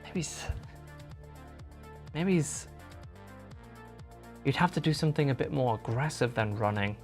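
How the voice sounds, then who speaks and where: A man's voice: medium pitch, lively intonation, a little slow. Chatty man with guitar behind him. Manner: chatty, rambling, answers chat messages. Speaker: livestream host and guitarist. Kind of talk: casual livestream chat.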